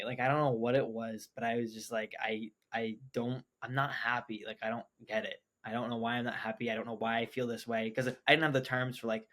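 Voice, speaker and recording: A young man in casual podcast conversation, recounting his own story. He talks in a mid-range voice, full of "like" and quoted dialogue. The delivery stays loose and animated. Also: medium pitch. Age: young adult. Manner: animated, quotes himself, heavy use of "like". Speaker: podcast guest.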